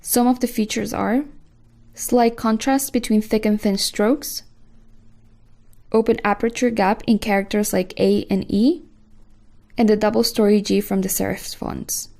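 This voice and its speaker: A woman reads a design lesson in a measured, even way. Her voice is mellow and dark, with some fry at the ends of her phrases. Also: mid-range voice. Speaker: course instructor. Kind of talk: scripted instructional narration.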